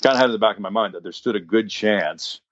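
A man's voice: lowish voice, fast talker, highs cut off. A man telling a story in casual conversation, restarting his sentences often and acting out what people said. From Canada. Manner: animated, restarts often, acts out quotes.

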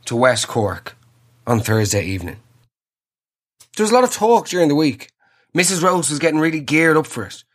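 A man in his twenties with a Dublin accent, nasal and a bit sick, telling a sweary comic story. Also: medium pitch. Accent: Dublin Irish. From Ireland. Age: 20s. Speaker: comedian podcaster. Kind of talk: comic monologue.

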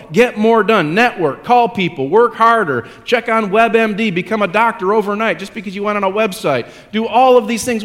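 A man's voice: high-pitched, fairly bright tone, big-room sound. A male pastor preaching a sermon in a conversational, self-deprecating way that builds into emphatic repetition.

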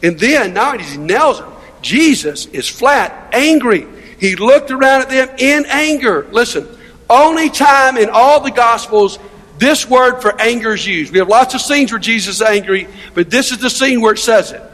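A man's voice: extremely high pitch, expressive, moderate pace, a bit bright. A male pastor preaching a sermon in an emphatic, conversational way, asking his listeners rhetorical questions. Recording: long reverb of a large hall.

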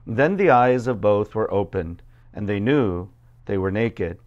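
A man preaching a sermon, first reading scripture aloud, then explaining it in a loose, conversational way full of fillers and quick asides. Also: lowish voice, animated, a little mellow, muffled recording. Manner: conversational, many fillers, acts out quoted voices. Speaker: pastor.

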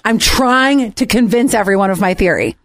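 A woman co-hosting a podcast, telling a story in casual chat, animated and laughing between restarts. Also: medium pitch, moderate pace, no room sound. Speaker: podcast co-host.

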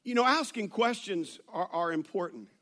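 A male pastor, preaching a sermon to his church and telling stories in an animated way, with many restarts. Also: high voice, normal speed. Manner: animated storytelling with laughs and restarts.

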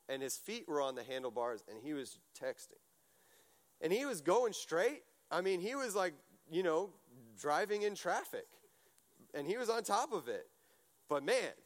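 In a fairly high-pitched voice, this preacher tells stories through a casual sermon. His delivery is chatty and animated, packed with fillers and restarts.

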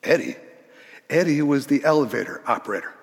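A man in his sixties telling a story in a sermon, animated, often restarting his words. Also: mid-range voice, a little fast, creaky. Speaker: pastor. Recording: reverberant church hall.

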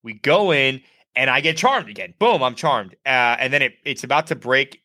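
A podcast co-host tells a story during a casual gaming podcast chat, bright and animated, acting out the quotes. His voice is mid-range and his pace moderate.

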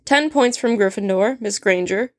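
A woman's voice: mid-range voice, moderate pace, no echo, clean studio sound, natural voice. A woman reading a story aloud, voicing a stern, sardonic male potions professor who speaks in a cold, clipped and cutting way. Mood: cold, scornful.

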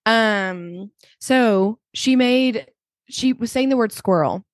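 A woman's voice: fairly high pitch, takes it slowly, dry recording, clean studio sound. A woman co-hosting a podcast in casual chat, rambling and jumping from topic to topic. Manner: rambling, jumps between topics. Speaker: podcast co-host.

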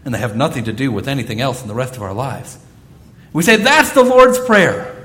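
A man preaching a sermon as pastor, telling stories with lively, acted-out quotes. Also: medium pitch, quick pace. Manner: animated storytelling, acting out quoted voices.

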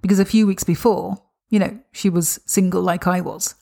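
A woman's voice: fairly low pitch, steady tone, normal speed, creaky, mellow. A woman hosting a podcast, telling her own story in a reflective, earnest way, often repeating words and adding "you know". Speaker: podcast host. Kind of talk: personal storytelling monologue.

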